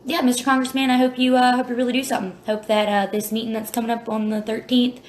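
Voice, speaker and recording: A woman's voice: a little high, flat delivery, fast talker, slight background noise. A woman speaking straight to camera about life after prison, blunt and impassioned, plain-spoken and cursing now and then. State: near tears. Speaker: former prisoner sharing her story. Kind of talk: casual direct-to-camera video.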